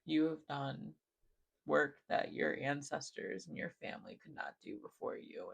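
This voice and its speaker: A man speaks a channeled message to the listener in a gentle, reassuring way, circling back on the same phrases. His voice sits fairly high for a man and carries a strong gravelly fry. He often sinks to a near-hush. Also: expressive, a little slow, low-quality recording. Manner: gentle, affirming, repetitive phrasing with many "like" fillers. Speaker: spiritual channeler reading for viewers. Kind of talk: channeled message spoken straight to the viewer.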